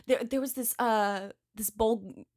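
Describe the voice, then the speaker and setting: A woman in her twenties, a podcast guest telling a story in casual chat, animated, laughing often and swearing freely. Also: a little high, slow.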